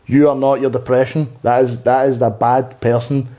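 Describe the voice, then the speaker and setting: A man's voice: mid-range voice, little pitch movement, moderate pace, warm tone. A man in his twenties, a stand-up comedian guesting on a podcast, talking candidly and earnestly in a rambling, unpolished way with frequent swearing. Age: 20s. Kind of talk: candid conversational interview.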